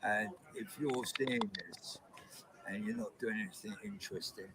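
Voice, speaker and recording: A man's voice: on the low side, normal speed, background noise. A man, telling a rambling, chatty comedy anecdote over a video call. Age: 70s. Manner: rambling, chatty storyteller with restarts. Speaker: guest comedian.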